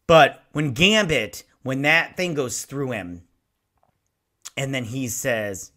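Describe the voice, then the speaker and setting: Man, 40s, host, casual review, rambling, swears, bright tone. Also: mid-range voice, unhurried. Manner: excitable, rambling, swears freely. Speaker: show host.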